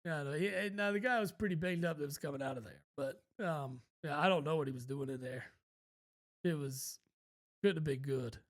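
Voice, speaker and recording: Podcast co-host, man, slightly higher voice, loose rambling storyteller who swears casually. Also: fairly quick. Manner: rambling, laid-back, swears freely.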